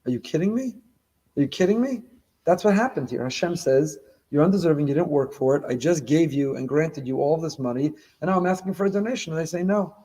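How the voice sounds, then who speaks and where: A middle-aged man, a rabbi, preaching on the weekly Torah portion with lively, dramatic delivery and Hebrew quotations. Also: a little high, fast talker, slightly rough. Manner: animated preaching, acting out imagined dialogue, mixing in Hebrew quotations.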